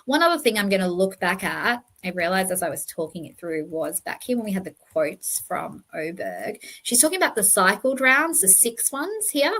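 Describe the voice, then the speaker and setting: A woman's voice: medium pitch, big pitch swings, normal speed, hardly any pauses, sharp tone. A woman hosting a true crime channel, giving emphatic, passionate commentary over slides and correcting herself as she goes.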